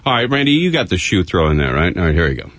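Low, lively-voiced male radio host. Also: rapid-fire, very noisy. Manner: jokey, leading the chat. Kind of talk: casual radio banter.

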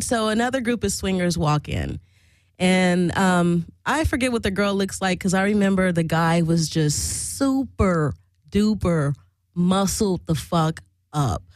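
A woman's voice: mid-range voice, dry recording. Crude, laughing woman host, dry sound. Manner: crude, blunt, laughs often. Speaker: radio show host. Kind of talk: casual storytelling monologue.

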